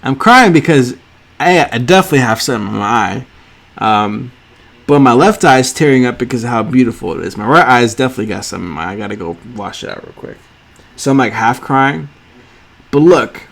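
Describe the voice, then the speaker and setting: A man hosting a sneaker art channel, reacting to drawings on screen with gushing, theatrical awe that swings from loud to hushed. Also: medium pitch, lively intonation, brisk, gravelly.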